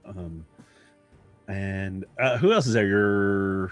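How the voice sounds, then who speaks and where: A low-voiced man running a tabletop game at an unhurried, drawn-out pace, filling pauses with ums and uhs. Faint music plays behind him. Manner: halting, many ums and uhs. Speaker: game master.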